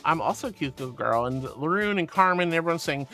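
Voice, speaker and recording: A man's voice: fairly high pitch, very animated, fast talker, bright, forceful tone, faint music behind. A man streaming casually, playfully and affectionately reading chat aloud.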